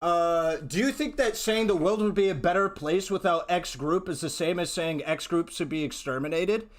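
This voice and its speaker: A man's voice: high voice, moderate pace. A man streaming live, ranting in an exasperated, profane way, often restarting his sentences. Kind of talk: heated livestream rant.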